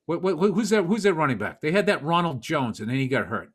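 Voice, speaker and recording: Bright-voiced blunt man in his fifties. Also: a little high, expressive, fast, slightly rough. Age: 50s. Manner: blunt, rambling, profane, joking. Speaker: podcast co-host. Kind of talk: casual chat.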